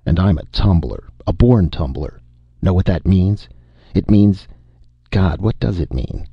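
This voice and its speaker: A man's voice: deep voice, expressive, unhurried, gravelly, slightly rough, no room sound, exaggerated voice. A man voicing a bitter, drunken ex-spaceman. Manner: muttering, self-loathing. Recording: dull lo-fi audio.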